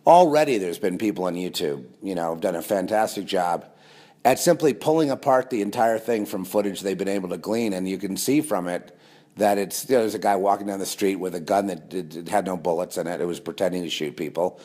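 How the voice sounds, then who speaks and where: A man's voice: sits low, brisk, mellow. A man delivering a rambling monologue to camera, sarcastic, with mocking asides. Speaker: conspiracy video host.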